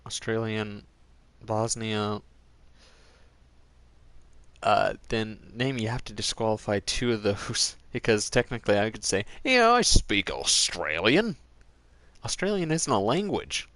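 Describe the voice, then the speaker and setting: Slow-talking man rambling over gameplay. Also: lowish voice, no echo. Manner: rambling, tangential, joking. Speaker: gaming channel host. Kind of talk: casual commentary while playing a game.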